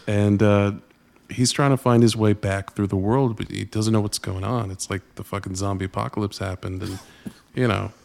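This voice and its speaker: Male podcast host, low gravelly voice, animated and profane. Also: normal speed. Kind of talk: casual movie recap chat.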